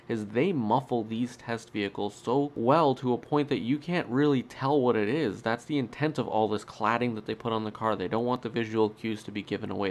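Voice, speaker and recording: A man's voice: on the low side, a little hiss or hum. A man hosting his own car channel, talking in an upbeat, chatty and emphatic way with a nasal voice. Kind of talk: solo vlog commentary.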